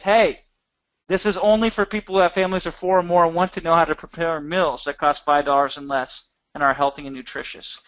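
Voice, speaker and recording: An instructor with a somewhat high male voice presses his points hard and keeps throwing rhetorical questions at his listeners. The sound is dull and lo-fi, with no room echo at all. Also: fairly bright tone. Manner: emphatic, with many rhetorical questions. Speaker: course instructor. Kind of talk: teaching a recorded training session.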